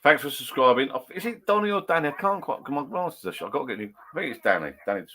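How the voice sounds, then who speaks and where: A man's voice: medium pitch, very animated, fast, sharp tone. A man chatting casually with live viewers from his garden shed bar, rambling and correcting himself as he goes. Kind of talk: casual pub chat.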